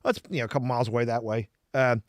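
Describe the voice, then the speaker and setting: A man's voice: mid-range voice, racing, no room sound. A man telling rambling comic stories as a podcast guest, laughing often and restarting his sentences. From Philadelphia.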